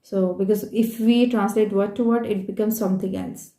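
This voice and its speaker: A woman's voice: mid-range voice, steady tone, normal speed, dark tone. A woman with an Indian English accent teaching beginner German from a textbook, patiently repeating and spelling out words. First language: Hindi. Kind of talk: textbook lesson explanation. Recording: echoey room.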